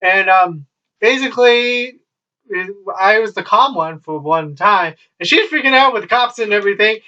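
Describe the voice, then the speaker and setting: A man's voice: sits high, animated, moderate pace, sharp tone. A young man telling casual stories at home, rambling along with wry asides and plenty of swearing. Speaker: vlogger. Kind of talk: casual storytelling. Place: at home, child nearby. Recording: dull lo-fi, from a distance.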